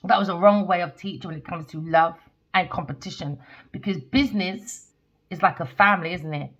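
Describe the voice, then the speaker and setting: A woman's voice: lowish voice, a little fast, a bit bright. A woman giving a casual tarot reading to camera, chatty and tagging her lines with "okay?" and "all right?". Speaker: tarot reader. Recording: dull lo-fi sound.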